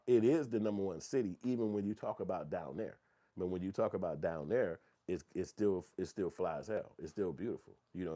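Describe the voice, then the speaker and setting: A middle-aged man, telling stories in casual, profane commentary and reading viewer comments. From Chicago. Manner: profane, animated storytelling, acts out quotes in a high voice. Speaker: channel host.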